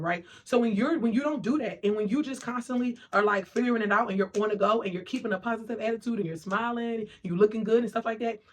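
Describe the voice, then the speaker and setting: A motivational speaker giving an emphatic monologue, often checking in with "right?" and "okay?". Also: mid-range voice. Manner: acts out quoted voices of other people.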